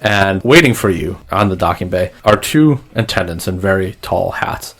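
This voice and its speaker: Animated male game master narrating. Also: low voice, moderate pace. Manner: animated storytelling.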